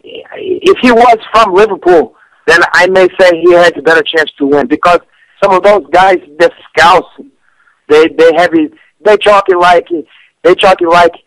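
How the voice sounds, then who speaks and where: High-pitched man, stammering broken English. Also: moderate pace, fairly bright tone, no room sound, low-quality recording. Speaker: fight picks guest. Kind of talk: comedic radio chat. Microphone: studio radio mic.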